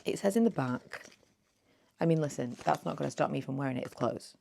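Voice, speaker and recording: A woman near forty talks through her thrift haul in a loose, rambling vlog chat. Her voice sits low and has a gravelly fry, and her words run a little slurred, like she has only just woken up. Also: animated, fairly quick, warm tone, a little hiss or hum. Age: late 30s. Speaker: beauty vlogger.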